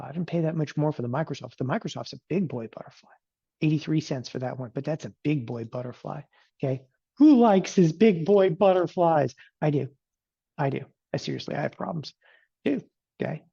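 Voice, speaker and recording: A man's voice: fairly high pitch, creaky, a little mellow, slightly rough, dull audio. A middle-aged man giving a live market lesson, talking casually with jokey asides, tossing in "okay" and mock quotes. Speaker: trading educator.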